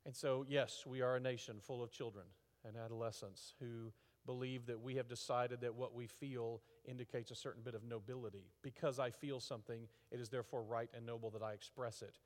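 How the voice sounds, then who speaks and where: Guy preaching in a church, casual and halting, lots of um and restarts, long echo off the hall. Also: mid-range voice, steady tone. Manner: conversational, halting with fillers and restarts; rising to emphatic rhetorical questions. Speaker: pastor. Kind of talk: sermon. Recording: reverberant hall.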